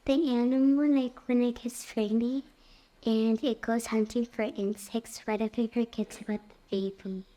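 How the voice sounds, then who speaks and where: A woman's voice: a little high, fairly even intonation, normal speed, warm tone. A woman in the audience asking a hesitant question.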